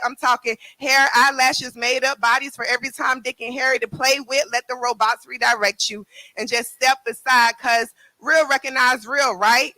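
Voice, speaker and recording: A woman's voice: high-pitched, bright, forceful tone, no room sound, low-quality recording. A woman performing spoken word poetry with a rhythmic, emphatic, rhyming delivery. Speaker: performing poet.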